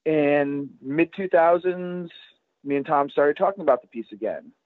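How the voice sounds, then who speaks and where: A man, a guest collector, chatting casually on a podcast in a halting way, full of restarts and fillers. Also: fairly high pitch, no echo. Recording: tinny, dry phone line.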